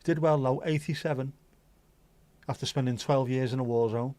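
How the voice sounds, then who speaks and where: A middle-aged man chats through a livestream, rambling from one topic to the next. His talk is loose and sweary, full of banter for the viewers. His pitch sits in the middle range. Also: steady tone, moderate pace, warm tone, dry recording. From Liverpool, England. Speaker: livestream host. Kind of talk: casual chat reading viewer comments.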